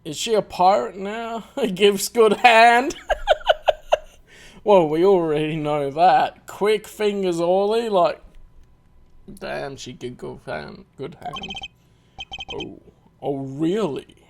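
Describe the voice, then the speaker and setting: A man's voice: high-pitched, takes it slowly, vocal fry, pauses often. A man hosting a let's play, chatting casually and laughing as he reads and voices a game. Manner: chatty, animated, laughs often. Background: music.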